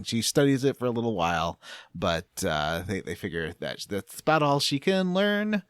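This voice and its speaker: A man's voice: medium pitch, wildly swooping pitch, normal speed, fairly bright tone, clean tone, no room sound, clean studio sound. A man co-hosting a casual podcast about a video game, easygoing and agreeable, with hesitant fillers. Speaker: podcast co-host.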